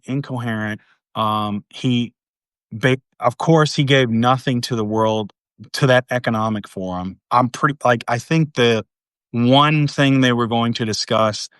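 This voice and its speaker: A man's voice: mid-range voice, fairly bright tone, smooth, dry recording, studio quality. A man hosting casual political commentary, rambling and sarcastic, with many fillers and restarts.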